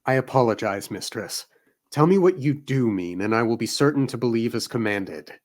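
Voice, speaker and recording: A man's voice: mid-range voice, expressive, normal speed, natural voice. A man reading aloud as a shapeshifting wolfhound servant, speaking formally and submissively. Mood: dutiful.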